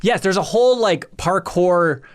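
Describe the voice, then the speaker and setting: A man hosting a podcast, telling stories about a game in an upbeat, animated way. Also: high voice, a little slow. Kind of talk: casual chat.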